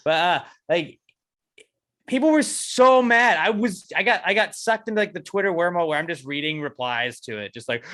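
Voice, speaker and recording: A podcast co-host man talking in casual banter that keeps tipping into heated, profane rants. His voice sits fairly high and comes out bright and forceful. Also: a little fast. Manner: profane, ranting, gets heated.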